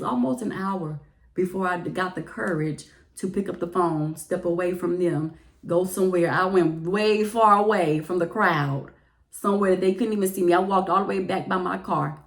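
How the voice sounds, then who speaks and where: A woman who works as a teacher, telling a personal story to the camera in a lively, emotional way. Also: lowish voice, roomy sound. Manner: animated, emotional retelling with laughs and quoted voices. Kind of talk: casual storytelling vlog.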